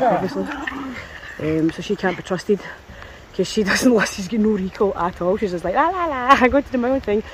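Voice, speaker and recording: A woman's voice: lowish voice, low-quality recording. A Scottish woman chatting casually while walking dogs outdoors, often breaking off to talk to the dogs. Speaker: dog walker vlogger. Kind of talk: casual vlog chat. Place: outdoors on a country path.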